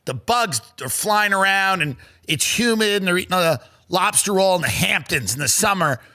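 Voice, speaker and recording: A male comedian on a podcast, ranting with sarcasm and profanity. His voice sits fairly high with a bright, sharp edge. His pitch swings widely as he rants. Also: expressive, moderate pace. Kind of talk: comedic rant.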